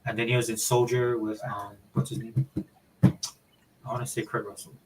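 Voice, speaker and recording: A man from Hawaii with a Hawaiian accent, chatting casually as a podcast co-host in a relaxed, rambling way. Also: medium pitch, moderate pace, very noisy. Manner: laid-back, rambling explanations. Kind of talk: casual chat.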